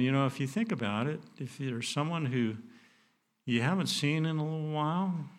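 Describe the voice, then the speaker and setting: A middle-aged man preaching a sermon in an earnest, folksy way, often restarting his phrases. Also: medium pitch. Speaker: pastor.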